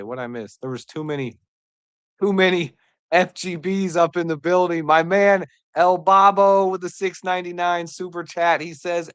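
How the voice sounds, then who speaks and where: Woman stream host, excitable live reactions, lowish voice, dry sound. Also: smooth, dry recording. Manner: excitable and joking, reads out and answers chat messages.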